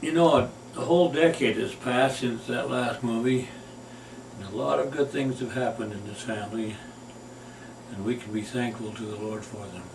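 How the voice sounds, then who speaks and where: Older man, gravelly voice, coaching takes, roomy echo, off-mic. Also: mid-range voice, fairly even intonation, moderate pace. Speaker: family home-movie director. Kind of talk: directing and rehearsing lines. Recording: echoey room, distant mic, faint noise.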